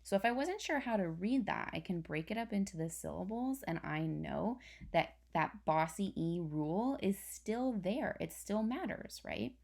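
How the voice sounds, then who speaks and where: A woman's voice: mid-range voice, animated, normal speed, gravelly, a little mellow. A young woman teacher patiently explaining a spelling lesson step by step to her class. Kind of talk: recorded online spelling lesson.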